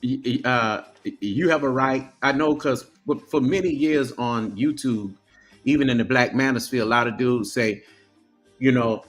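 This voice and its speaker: A man's voice: mid-range voice, normal speed, soft background music. A man talking casually on a live stream, often stammering and restarting his sentences.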